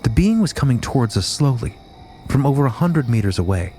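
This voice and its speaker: A man hosting a podcast, dramatically reading a first-hand witness account and getting loud at the quoted screams. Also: mid-range voice, fairly quick, soft background music. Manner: animated storytelling, rising to shouts at quoted screams. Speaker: podcast host.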